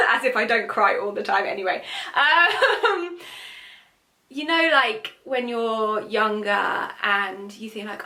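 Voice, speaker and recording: Young woman, spiritual reader doing a chatty viewer Q&A; lively, filler-heavy storytelling, bright voice. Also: a little high, slow. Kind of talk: casual Q&A monologue.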